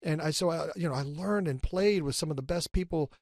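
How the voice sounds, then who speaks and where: Fast-talking, animated middle-aged man storyteller. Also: on the high side, no echo, clean studio sound. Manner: animated, acts out his inner argument. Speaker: guest. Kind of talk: storytelling in an interview.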